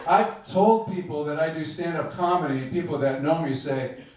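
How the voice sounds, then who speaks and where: An older man performs a self-deprecating stand-up set on a club stage with a dry delivery, his voice a little high and at a normal speed. The club is echoey, with a far mic and loud noise.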